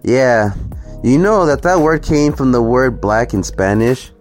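A man's voice: mid-range voice, expressive, a little slow, faint music behind. A man ranting sarcastically and profanely through a reaction commentary video. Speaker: commentary vlogger.

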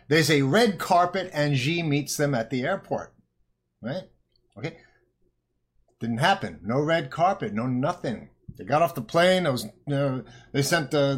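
Male commentator, emphatic and heated, fairly high pitch. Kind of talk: ranting monologue.

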